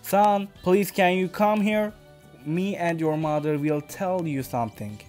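A man's voice: high-pitched, measured pace, a little mellow, faint music behind, pitched above the performer's own voice. A man with a Turkish accent voicing a stern father who lectures his young son firmly in a read-aloud story. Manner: firm, lecturing.

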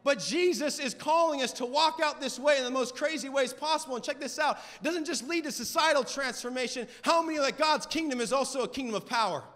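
A young man preaching a sermon with fervent, emphatic delivery and shouted peaks. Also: very high voice, quick pace, hardly any pauses. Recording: long hall reverb.

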